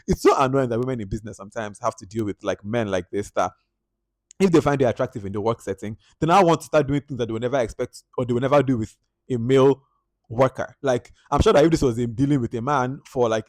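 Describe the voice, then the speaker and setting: Animated Nigerian man reviewing a film. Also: dry recording. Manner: animated and exasperated, jumps into high-pitched outbursts, then drops to quiet asides. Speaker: movie reviewer. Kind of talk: casual spoken film review.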